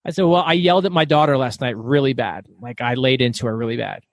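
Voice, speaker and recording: A middle-aged man telling stories as a guest author in an interview, talking fast and loud. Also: medium pitch, dry recording. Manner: fast, loud, animated storyteller. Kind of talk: storytelling interview.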